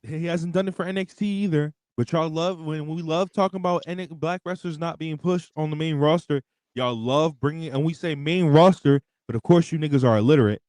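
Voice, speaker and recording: Young guy going off on a podcast, kinda high voice, super dry close mic. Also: fairly quick, dry recording. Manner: animated, profane, reads out superchats. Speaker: podcast co-host. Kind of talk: casual wrestling podcast rant.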